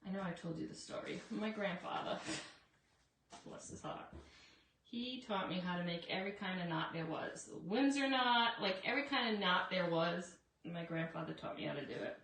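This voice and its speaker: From her craft shop, a woman hosts a casual live-stream demo, chatting with viewers, calling them "guys," and making frequent asides. Her voice is fairly low in pitch yet fairly bright, at a normal speed, and she sounds distant from the mic, with roomy echo and faint noise.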